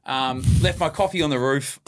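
A man's voice: medium pitch, moderate pace, slight background noise. A young man co-hosting a podcast, telling stories in casual, swearing chat. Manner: storytelling, swearing, animated. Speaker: podcast co-host.

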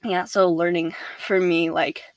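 A young woman appears as a podcast guest, chatting casually about faith, animated and laughing often as she acts out her own inner voices. Her voice is lowish and a little slow, and the recording is dry.

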